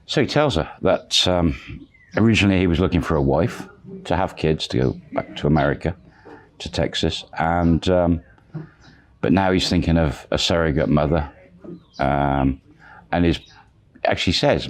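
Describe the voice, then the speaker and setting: A man's voice: rumbling low, normal speed, pauses often. A man casually telling a long story, rambling and repeating "he says" and "she says". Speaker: channel storyteller.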